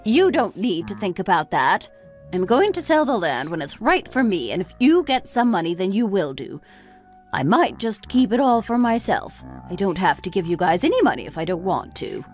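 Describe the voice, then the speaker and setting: A woman's voice: mid-range voice, sing-song, soft background music, close to an everyday voice. A woman playing an exasperated middle-aged mother who fires off complaining questions in a dramatized family story. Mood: dismissive. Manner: complaining, rapid-fire questions.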